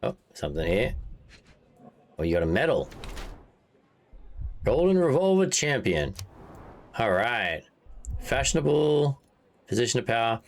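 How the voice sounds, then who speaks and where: A man's voice: fairly low pitch, big pitch swings, a little slow, pauses often. A man streaming a video game, chatting casually, thinking aloud and reacting with amusement. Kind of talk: casual let's-play commentary.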